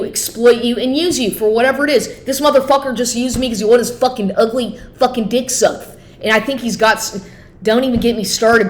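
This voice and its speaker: Angry, profane woman venting. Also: medium pitch. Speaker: vlogger. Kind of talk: venting to camera.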